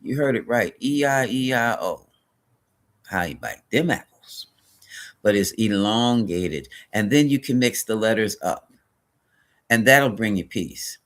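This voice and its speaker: A man's voice: lowish voice, expressive, a little slow, a bit bright. A man hosting a spiritual live stream, chatting casually and rambling, often correcting himself and greeting viewers by name.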